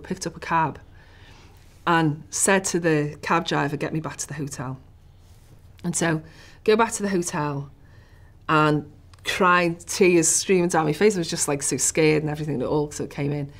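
Low-voiced Liverpool woman telling a story. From Liverpool, England. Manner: animated storyteller, rising to hushed whispers at tense moments. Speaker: interviewee. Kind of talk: recounting a personal story.

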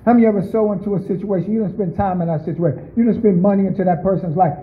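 Man preaching, high voice, calls on listeners by name, asks the room questions, tinny phone-like sound. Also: steady tone, rapid-fire. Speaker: pastor. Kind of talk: conversational sermon.

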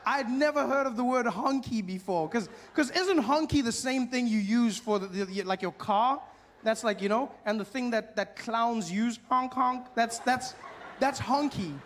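A man performs stand-up, riffing playfully with the crowd. His voice sits high. The clip has a clear hiss of noise. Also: measured pace. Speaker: stand-up comedian. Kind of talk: stand-up comedy.

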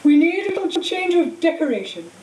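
A woman's voice: high voice, big pitch swings, normal speed, a little mellow. A woman voicing a wise, kindly old male headmaster wizard in a storybook reading, recorded from a distance in an echoey room. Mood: proud, announcing. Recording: echoey room, far mic, faint hiss.

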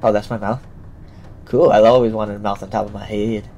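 A young man provides let's play commentary over game music, joking and talking back at the characters as he plays. His lowish voice is mellow and brisk with a flat delivery, and the highs are cut off.

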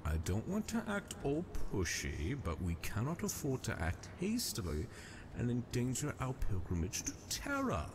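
A stern, formal space warrior lord for an animated web series, with stiff, formal phrasing. His pitch moves a lot, and clear background noise sits under him. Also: moderate pace. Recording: clip audio with background noise.

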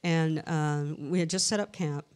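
A woman's voice: deep voice, measured pace. A middle-aged woman, a paranormal researcher, telling anecdotes in a casual live interview and acting out the dialogue in them. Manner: chatty, tells anecdotes with lively quoted dialogue. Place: historic castle hotel event room.

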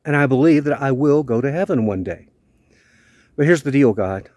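A man's voice: medium pitch, expressive, moderate pace, a little mellow, no room sound. A man from the United States speaking an earnest, heartfelt video letter in a plainspoken, questioning way. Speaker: vlogger.

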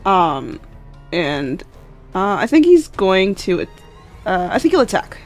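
A mid-pitched player describes their character's moves in a tabletop game, pausing with frequent ums as they think aloud. Soft music plays behind them. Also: very animated. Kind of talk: casual tabletop play.

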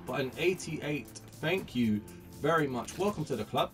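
A man commentating his own video game pack openings, chatty and excitable, greeting each new card like a friend. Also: on the high side, normal speed, far from the mic, over music. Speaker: gaming YouTuber.

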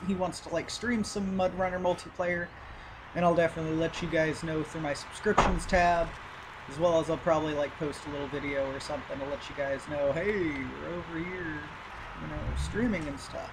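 A man's voice: fairly high pitch, level tone, a little fast. A man giving casual, rambling gameplay commentary as a gaming YouTuber, easygoing and full of filler. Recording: loud game engine noise behind. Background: truck engine and game sounds.

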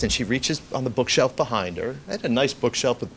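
A man's voice: mid-range voice, animated, quick pace, fairly bright tone, slight background noise. A man giving a reading, telling a rambling family anecdote with many fillers and restarts. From United States. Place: event room.

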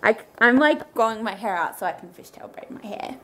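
A woman's voice: on the high side, expressive, a little fast, bright, forceful tone. A young woman chatting casually through her daily vlog, rambling along with lots of "so yeah" and "um". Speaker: vlogger.

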